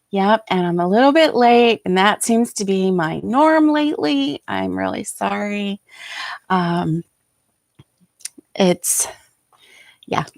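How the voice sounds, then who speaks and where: Slow, soft-spoken older woman host. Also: mid-range voice, dry recording, studio quality. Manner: soft, halting, many ums and pauses. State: tired, yawning. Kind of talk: casual livestream chat. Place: home, seated in a chair.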